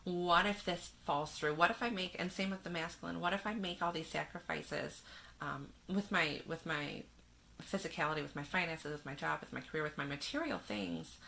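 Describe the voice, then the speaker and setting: A woman leads a spiritual tarot reading in a gentle way. Her voice sits a bit low but sounds bright and forward, with a gravelly fry. A faint ambient hum runs under her. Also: normal speed. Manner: gentle, reads card verses aloud, frequent soft laughs. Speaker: tarot reader.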